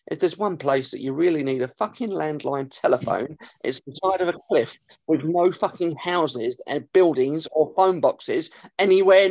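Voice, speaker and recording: A man, hosting a podcast and recapping an episode in a casual, sarcastic way, swearing freely and filling pauses with um. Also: on the high side, gravelly, no echo. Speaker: podcast host.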